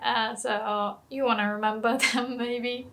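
A woman's voice: on the high side, flat delivery, unhurried, fairly bright tone. A young woman teaching a language lesson in a casual, playful way, laughing often and acting out example phrases.

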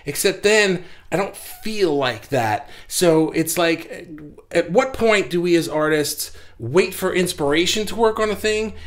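A livestream host in his thirties chats casually with his viewers, his voice a little high for a man. He speaks fast and eagerly, stumbling over fillers and restarts, and sounds slightly breathless with excitement.

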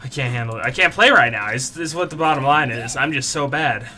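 A young man commentating his own competitive match, swinging between low muttering and frustrated yelling, his voice strained from shouting. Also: a little fast, slight background noise. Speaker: gaming YouTuber. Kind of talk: live gameplay commentary.

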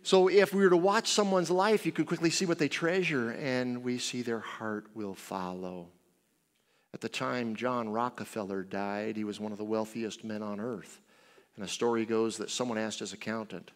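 Animated male preacher in a reverberant church. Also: moderate pace. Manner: animated storytelling with big swings in pitch and volume. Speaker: guest preacher. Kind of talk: sermon. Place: church sanctuary.

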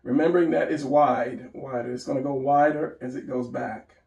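A gravelly-voiced man with a mellow tone walks through a drawing lesson in a loose, rambling way, talking to himself as he sketches. He sounds a little away from the mic, in an echoey room. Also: medium pitch, steady tone, normal speed, distant mic. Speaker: drawing instructor. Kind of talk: casual drawing tutorial.

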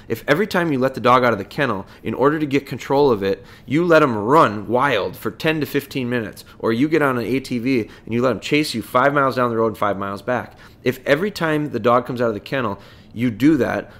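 A man's voice: mid-range voice, fairly bright tone. A man hosting a podcast, giving casual dog training advice in a folksy way, full of rhetorical questions.

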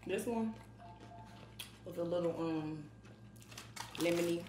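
A woman's voice: fairly low pitch, slow. A woman hosting a mukbang video, chatting casually while eating, bossy and teasing, scolding bluntly with some cursing. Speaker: mukbang channel host. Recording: roomy echo, noticeable background noise.

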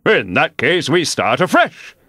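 A man's voice: a little high, very animated, sharp tone, no echo, studio quality, pitched above the performer's own voice, full character voice. A man reading a storybook aloud and putting on a pompous, touchy egg-man who talks grandly. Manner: pompous, grand, quick to take offence.

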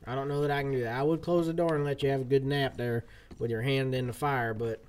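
A man's voice: medium pitch, steady tone, fast talker, darkish tone, slight background noise. Folksy man streaming a western game. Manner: folksy cowboy drawl, playful. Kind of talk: casual live game commentary.

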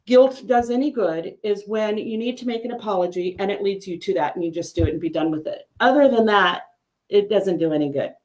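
A middle-aged woman talks in a relaxed, casual way, as a psychic medium sharing her work. She tells her stories with plenty of life, and her pitch jumps up whenever she quotes someone. Her voice sits at a middle pitch for a woman. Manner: chatty storyteller, animated with pitch jumps on quoted lines. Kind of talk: casual chat.

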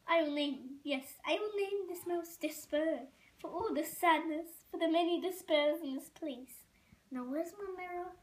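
A woman's voice: very high voice, moderate pace, pitched above the performer's own voice. A woman voicing a vain, dramatic mother mouse with a French accent, sighing and self-pitying.

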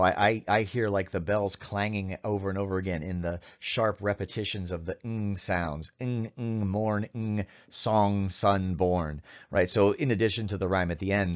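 Man, professor lecturing, very low voice, halting with fillers, muffled lo-fi sound. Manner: thoughtful, halting, with many fillers and restarts; reads poetry lines aloud in a measured way. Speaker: literature professor.

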